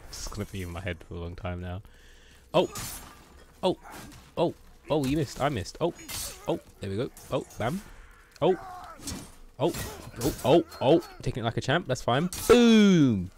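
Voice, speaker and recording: A man giving lively commentary on his game during a live stream, full of exclamations, sound effects and swearing. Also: mid-range voice, moderate pace, long pauses.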